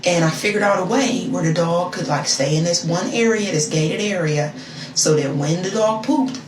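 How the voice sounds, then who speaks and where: A young woman telling a story casually in an animated, sassy way, acting out the quotes. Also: fairly low pitch, normal speed, echoey room, distant mic, background noise.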